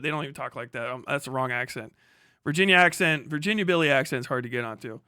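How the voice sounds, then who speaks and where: High-pitched guy streaming, swearing a lot, rambling excited commentary, dry close mic. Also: quick pace, clear, resonant tone, no room sound. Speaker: streamer reacting to videos. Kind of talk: casual live-stream commentary.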